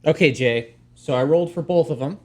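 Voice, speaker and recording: A man's voice: on the high side, a little fast. A man playing a tabletop role-playing game, thinking aloud and reading out spell rules. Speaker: player. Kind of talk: casual tabletop role-play chat.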